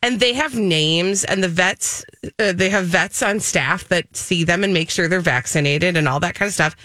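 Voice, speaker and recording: A woman co-hosting a morning radio show, talking in a chatty, rambling, animated way. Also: lowish voice, normal speed, dry recording. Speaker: radio co-host. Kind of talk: casual morning radio banter.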